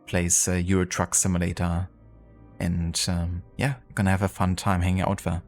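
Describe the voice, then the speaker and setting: A man's voice: sits low, completely flat delivery, normal speed, a little mellow, faint music behind. A man streaming a video game live, chatting casually and thanking viewers with many fillers. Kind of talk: casual live-stream chat while gaming.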